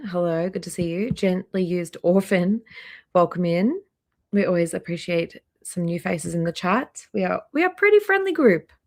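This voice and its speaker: A chatty woman runs a casual live stream from her laptop, greeting her viewers by name one after another. Her voice sits at an ordinary middle pitch and is a touch hoarse, and she clears her throat now and then. She talks close to a laptop microphone indoors. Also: a little mellow. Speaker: livestream host. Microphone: laptop microphone near trackpad.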